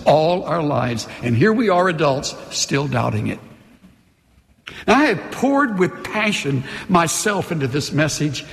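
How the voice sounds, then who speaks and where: Male pastor, emphatic sermon, animated high voice, church hall echo. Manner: impassioned, emphatic, leads call-and-response. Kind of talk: sermon with altar call. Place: church sanctuary.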